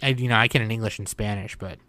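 A man's voice: fairly low pitch, fairly even intonation, fast talker, pushed and bright. A young man hosting a podcast in casual chat, loose and profane, often laughing. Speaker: podcast host.

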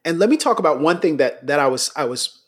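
A middle-aged American man, a pastor, telling stories in a relaxed podcast conversation, laughing between points. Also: on the high side, quick pace, breathy edge.

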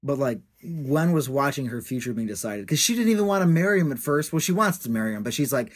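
Animated laid-back man chatting. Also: medium pitch, quick pace, hardly any pauses. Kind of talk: casual movie chat.

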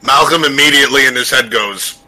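A man playing in a tabletop game, describing his character's actions in a relaxed, chatty way. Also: mid-range voice, brisk, low-quality recording. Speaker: player.

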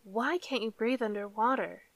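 A woman voicing a playful, headstrong young female mermaid with a soft, strange voice in a storybook reading. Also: fairly high pitch, normal speed, voice pushed up, lightly acted. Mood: bitter.

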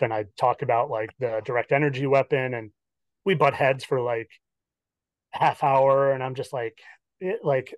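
A man's voice: mid-range voice, normal speed, no room sound. A young man telling a long personal story on a podcast as a guest, acting out what people said, with lots of "like" fillers. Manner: animated, acts out quoted dialogue, many "like" fillers. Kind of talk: casual storytelling chat.

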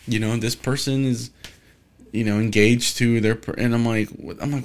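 A man's voice: mid-range voice, fairly even intonation, normal speed. Rambling, profane young male podcaster. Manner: rambling, frustrated, profane, with many restarts. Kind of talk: casual solo podcast monologue.

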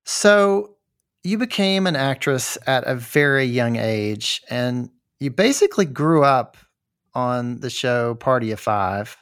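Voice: medium pitch, animated, takes it slowly, smooth. An interviewer asking questions in an easy, attentive conversational manner.

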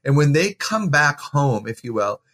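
A man's voice: a little high, sing-song, normal speed, a bit bright. A man speaking as a guest author in a podcast interview, giving earnest, encouraging parenting advice in a preacherly way.

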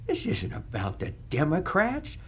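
A man's voice: on the high side, huge pitch swings, measured pace, a bit bright, breathy edge, exaggerated voice. A man playing the scornful, taunting ghost of an older male senator in a comedy audio sketch. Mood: scolding. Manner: taunting, sarcastic, scolding.

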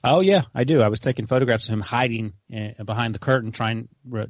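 A man's voice: medium pitch, fast, no echo, lo-fi sound. A man co-hosting a casual sports chat with a wry, mock-scolding manner. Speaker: podcast co-host.

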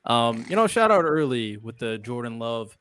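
A man on a sports debate panel, speaking in a laid-back, measured way. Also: mid-range voice, very animated, a bit bright, clear, resonant tone.

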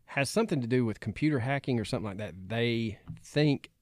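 A man's voice: mid-range voice, brisk, darkish tone, no room sound. A man co-hosting a podcast, reading out facts in casual chat and slipping in dry wisecracks. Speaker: podcast co-host.

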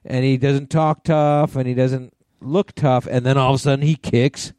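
Man, podcast co-host, casual rambling chat, mellow warm tone, dry close sound. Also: medium pitch, steady tone, moderate pace, no echo. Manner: loose, rambling, laughs easily.

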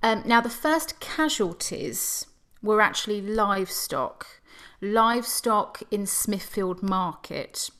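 A woman's voice: mid-range voice, lively intonation, slow pace, a bit bright. Chatty giggling woman guide. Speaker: tour guide. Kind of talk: casual history chat.

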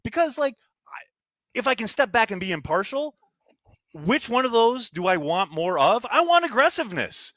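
A man's voice: very high voice, moderate pace, no room sound. A man co-hosting a casual sports podcast, telling long rambling stories and acting out fans' complaints. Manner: animated, rambling storyteller who mimics fans. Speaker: podcast co-host.

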